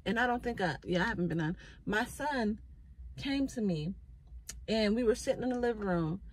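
A woman's voice: mid-range voice, animated, moderate pace, breathy edge, poor audio. Earnest woman preaching to camera. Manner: earnest, preachy faith talk. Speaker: mother sharing faith thoughts. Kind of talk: casual spoken reflection.

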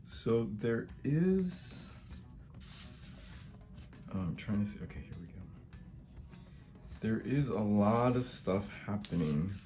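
A man's voice: fairly low pitch, sing-song, takes it slowly, long pauses, a little mellow, faint music behind. A middle-aged man hosting a casual craft demonstration, thinking aloud as he works and often tagging his remarks with a questioning "right?". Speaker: collage artist and channel host.

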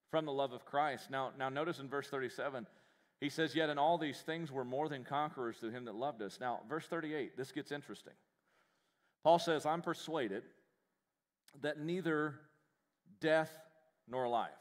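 A man preaching a live sermon as pastor in a church, animated and joking, with self-deprecating humor. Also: medium pitch, normal speed, in a large hall. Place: church sanctuary.

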